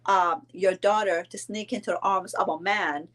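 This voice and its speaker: A woman's voice: mid-range voice, steady tone, normal speed, a bit bright. Chatty woman from Belize, 40s, loose rambling live-stream delivery. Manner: chatty, rambling, many fillers and restarts. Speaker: vlogger. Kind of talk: casual live-stream chat.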